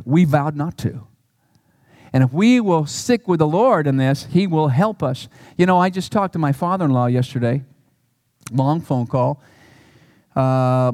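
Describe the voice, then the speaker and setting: A middle-aged man preaching a sermon as a pastor, earnest, with emphatic peaks and soft low asides. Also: no room sound.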